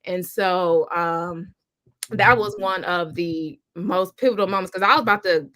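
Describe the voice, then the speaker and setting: Bright-voiced woman telling her story. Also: fairly low pitch, measured pace. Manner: animated and emphatic, acts out her own past thoughts. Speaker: guest. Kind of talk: personal storytelling in a conversation.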